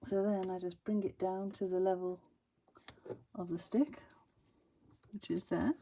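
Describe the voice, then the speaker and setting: A middle-aged woman who vlogs about her dolls house hobby chats casually as she unboxes and crafts, gushing and sentimental. Her voice is mellow and medium-pitched, with a level tone and measured pace.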